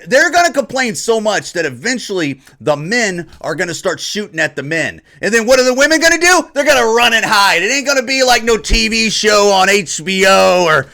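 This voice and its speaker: A man's voice: high-pitched, very animated, a little fast, gravelly, hardly any pauses, bright, forceful tone. A man from Ohio hosting an opinion podcast, ranting in a repetitive, combative monologue and mocking others. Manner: mocks others in put-on voices. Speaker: podcast host.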